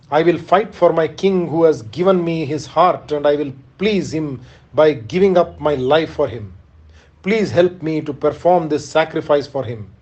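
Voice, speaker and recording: A man reading aloud as a proud, doomed male warrior, bitter and resigned, in a measured, solemn way. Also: on the high side, a little mellow, highs cut off.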